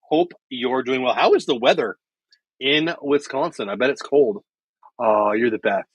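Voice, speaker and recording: A middle-aged man hosting a baseball watch party livestream from home, chatting casually and calling the plays with excitement. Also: medium pitch, a little slow, husky, no echo, lo-fi sound. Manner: chatty, thinks out loud, calls plays excitedly. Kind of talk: casual live baseball commentary.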